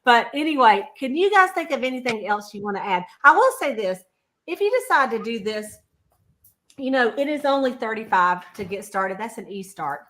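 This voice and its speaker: A woman's voice: a little high, animated, moderate pace, a bit bright. Chatty woman telling sales stories. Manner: chatty, storytelling, laughs often. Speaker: sales consultant. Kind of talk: casual livestream chat.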